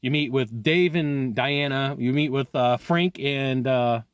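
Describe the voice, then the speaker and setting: A man talking casually to camera as a sales coach, animated and quick, laughing often and breaking into asides. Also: mid-range voice, smooth, dry recording, studio quality. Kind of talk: casual video talk to camera. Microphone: headphones on, recorded live.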